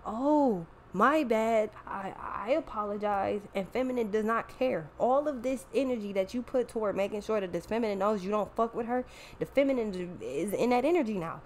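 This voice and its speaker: A woman's voice: mid-range voice, fairly quick, a little mellow, a little hiss or hum. A woman hosting a show, talking in a blunt, profane, exasperated casual rant. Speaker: podcast host. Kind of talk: casual ranting monologue.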